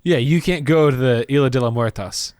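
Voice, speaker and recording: A man co-hosting a movie podcast, relaxed, with short replies and quips. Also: medium pitch, fairly quick, smooth, no room sound, clean studio sound. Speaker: podcast co-host. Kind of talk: casual movie chat.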